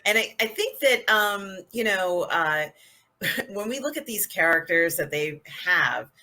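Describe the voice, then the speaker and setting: Bright-voiced woman musing thoughtfully. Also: mid-range voice, big pitch swings, a little hiss or hum. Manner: thoughtful, measured, with many fillers. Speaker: co-host. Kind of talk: casual chat and commentary.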